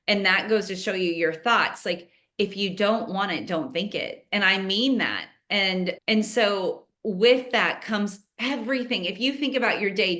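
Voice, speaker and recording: A woman's voice: medium pitch, a bit bright. Earnest middle-aged woman co-hosting a podcast. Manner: earnest, talks straight to listeners. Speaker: podcast co-host. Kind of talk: casual podcast chat.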